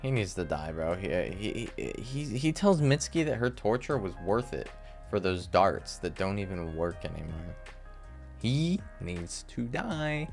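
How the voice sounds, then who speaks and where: A man's voice: low-pitched, lively intonation, gravelly, a little mellow, faint music behind. A young man casually reviewing a TV episode, rambling with lots of fillers and sudden exasperated outbursts. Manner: rambling, frequent "like" and "I guess"; quick jumps to exasperated outbursts. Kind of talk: casual solo commentary.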